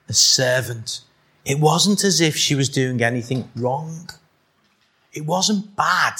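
Bright-voiced Scouse preacher. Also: male voice, medium pitch, slightly rough. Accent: Liverpool (Scouse). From Liverpool, England. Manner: rhetorical questions to the congregation, teasing asides. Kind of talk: sermon.

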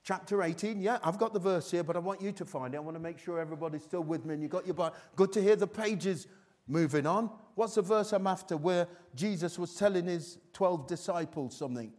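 A man's voice: sits high, fairly quick, a little mellow. A middle-aged man preaching a live sermon in a church, who teases his congregation and asks many rhetorical questions. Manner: chatty, teasing the congregation between points. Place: church hall before a congregation.

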